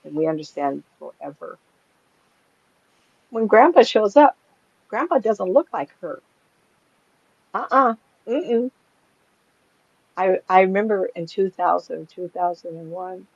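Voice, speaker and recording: An older woman, a psychic medium, telling anecdotes in a chatty, animated way and laughing often as she talks. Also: on the low side, measured pace, creaky, pauses often, slightly rough, no room sound. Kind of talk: casual storytelling in an interview. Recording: dry, slightly dull lo-fi sound.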